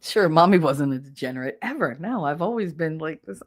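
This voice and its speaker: Woman streamer, forties, low-set voice that leaps up high when she quotes people, chatty storyteller. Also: a little fast, hardly any pauses. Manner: animated, acts out quotes with big pitch jumps. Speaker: livestream host. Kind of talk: casual storytelling to chat.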